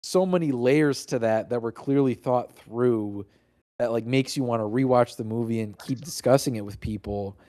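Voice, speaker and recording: Mellow-voiced man in casual podcast chat. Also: mid-range voice, normal speed. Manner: loose, filler-heavy, animated film criticism. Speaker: podcast co-host.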